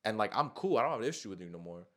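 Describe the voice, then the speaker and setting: A man's voice: fairly low pitch, very animated, very fast. A man hosting a casual podcast chat, talking loosely with lots of slang, cursing and "like" fillers. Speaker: podcast host.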